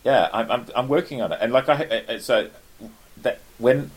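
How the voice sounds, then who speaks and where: A man's voice: mid-range voice, expressive, moderate pace. An Australian man hosting a casual chat, rambling and correcting himself as he goes, often chuckling. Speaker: podcast host.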